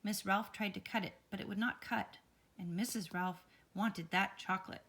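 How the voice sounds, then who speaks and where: A woman reading a children's picture book aloud, expressive and lively. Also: medium pitch, moderate pace, breathy edge. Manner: expressive, lively character voices. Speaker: read-aloud storyteller.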